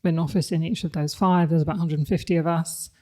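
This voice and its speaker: A woman's voice: low voice, fairly even intonation, fast talker, mellow. A woman, speaking candidly and reflectively as a podcast guest, laughing often. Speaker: guest, company CEO. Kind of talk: podcast interview conversation.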